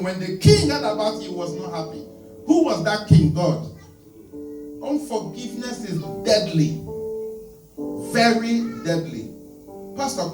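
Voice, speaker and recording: A male pastor preaching a sermon, asking the congregation to answer him and acting out his points with helpers. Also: high voice. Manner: emphatic call-and-response preaching, demonstrating with helpers. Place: church. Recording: echoey church hall from far off, with music. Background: guitar music.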